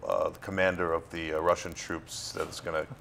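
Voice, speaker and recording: A middle-aged actor from Florida, talking casually as an interview guest, rambling with plenty of fillers and restarts. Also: male voice, sits low, little pitch movement, fairly quick, vocal fry, fairly bright tone, slight background noise.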